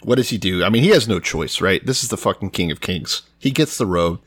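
A man's voice: deep voice, lively intonation, fairly quick, fairly bright tone, husky. A man retelling a scripture story in casual, profane, joking chat, laughing often.

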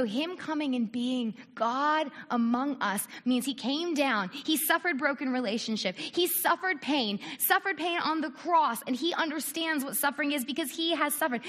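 A woman from the United States preaching a sermon, animated, asking rhetorical questions and acting out quoted voices. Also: high-pitched. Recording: long reverb of a large hall.

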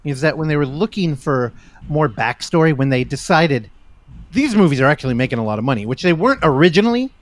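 A man's voice: on the high side, expressive, fast talker. A man from the San Francisco Bay Area co-hosting a casual film podcast, ranting and swearing freely. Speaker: podcast co-host.

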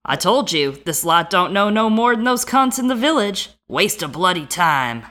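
A woman's voice: medium pitch, very animated, normal speed, a bit bright. A woman playing a brutal male spearman in a podcast reading, with a put-on Southern-Midwestern rural drawl and a coarse, mocking manner. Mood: menacing.

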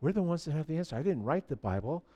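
A man in his sixties preaching a sermon in a church, telling stories animatedly and swinging from quiet asides to near shouting. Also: fairly high pitch, big pitch swings, fast talker. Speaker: pastor.

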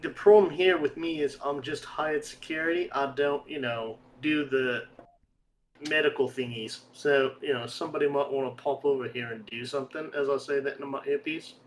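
A man playing a tabletop game, talking in a halting, filler-heavy way. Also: medium pitch, steady tone, a little hiss or hum, low-quality recording. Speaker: player.

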